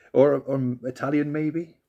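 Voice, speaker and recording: Casting: laid-back male music reviewer, casual and rambling, mid-pitched. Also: vocal fry, lo-fi sound. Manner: laid-back, frequent laughs and swearing, rambling asides.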